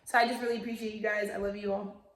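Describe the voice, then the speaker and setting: A woman's voice: medium pitch, little pitch movement, rapid-fire, roomy sound. A young woman from Texas, chatting casually and profanely while giving a tarot reading. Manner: chatty and profane, lots of fillers, scolding a dog. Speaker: tarot reader and show host.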